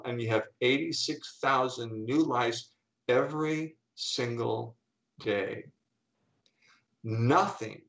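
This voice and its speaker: A middle-aged man with a gravelly, creaky edge to a mid-pitched voice tells stories as a guest. He talks in animated bursts, slipping into the voices of the people he quotes. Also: low-quality recording. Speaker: guest speaker and coach. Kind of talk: storytelling in an interview.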